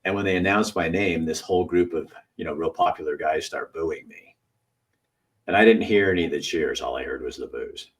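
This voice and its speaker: A middle-aged man hosting a casual conversation, an animated storyteller who acts out voices and laughs often. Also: extremely low pitch, fairly quick, distant mic. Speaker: host.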